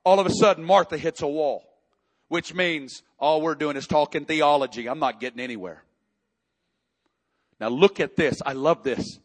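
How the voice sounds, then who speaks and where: A man preaching a sermon, reading scripture and building to impassioned, near-shouted prayer. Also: fairly high pitch, normal speed. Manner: impassioned preaching, rising to shouts in emotional passages. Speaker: pastor.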